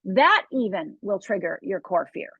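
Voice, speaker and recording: A woman's voice: medium pitch, very animated, moderate pace, a bit bright, slightly rough, dry recording. Emphatic woman coach on a dull video call. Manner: emphatic, acts out inner voices, tags "right?". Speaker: fear coach guest. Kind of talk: interview conversation.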